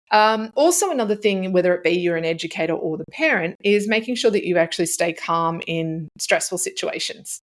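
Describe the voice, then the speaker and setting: Aussie lady podcast host, a bit low voice, chatty with lots of ums. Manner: conversational, with frequent fillers and acted-out example phrases. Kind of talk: solo podcast talk.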